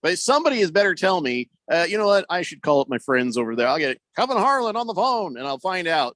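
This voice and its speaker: A man's voice: medium pitch, fast, few pauses, no echo. A man hosting a sports radio show, chatting casually and joking in playful bits. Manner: joking, animated, playful voices. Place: radio studio. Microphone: studio microphone.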